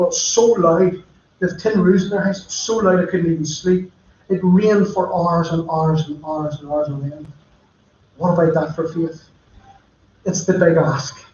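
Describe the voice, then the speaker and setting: Preacher, echoey and muffled. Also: male voice, high voice, a little mellow, slight background noise. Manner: chatty storytelling, addressing listeners directly. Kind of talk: sermon. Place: church. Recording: echoey, muffled church livestream.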